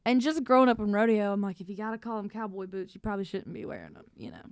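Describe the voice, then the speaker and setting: A woman's voice: medium pitch, expressive, clear, resonant tone, no room sound. A young woman from Louisiana, a guest songwriter chatting casually and laughing easily at a live music venue. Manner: chatty, laughs easily, drawn-out singing between talk. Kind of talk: casual chat. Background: guitar music.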